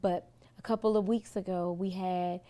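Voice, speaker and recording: A woman's voice: on the low side, steady tone, normal speed, mellow. A middle-aged woman pastor telling a personal story in an earnest, casual interview manner. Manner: earnest, storytelling, frequent restarts. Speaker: pastor and guest.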